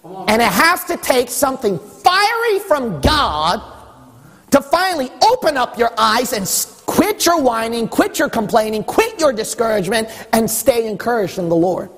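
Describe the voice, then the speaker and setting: A man preaching a sermon as pastor, animated, acting out exchanges with God. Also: very high voice, moderate pace. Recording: echoey hall with long reverb.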